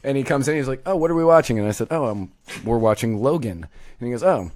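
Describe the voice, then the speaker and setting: A man's voice: medium pitch, animated, fast talker, a little mellow. A man co-hosting a podcast, teasing and telling anecdotes in casual chat. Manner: teasing, storytelling. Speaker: podcast co-host.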